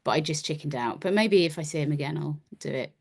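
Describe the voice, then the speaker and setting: A woman's voice: sits low, fast talker, creaky. A woman in her forties, a podcast guest and performer, telling casual self-deprecating stories and acting out her own lines. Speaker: podcast guest, actor and musician. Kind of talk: casual anecdotal chat.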